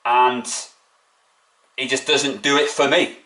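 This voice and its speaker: A man's voice: mid-range voice, fairly even intonation, slow, sharp tone, roomy sound. A man, a football fan vlogger ranting after a match, mocking and indignant, full of rhetorical questions. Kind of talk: opinionated fan rant.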